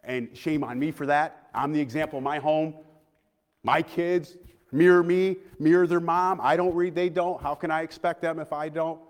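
A man preaching a sermon as pastor, dropping into soft confiding asides, then rising to loud fervent preaching and calling out for amens. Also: on the high side, fairly even intonation, moderate pace. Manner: calls out for amens from the congregation. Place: outdoor service by a pond. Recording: long hall reverb.

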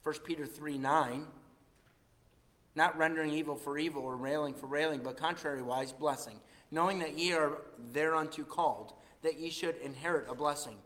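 A man preaching a sermon as pastor, animated, swinging between loud and hushed delivery. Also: fairly high pitch, normal speed. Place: church. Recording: echoey church hall.

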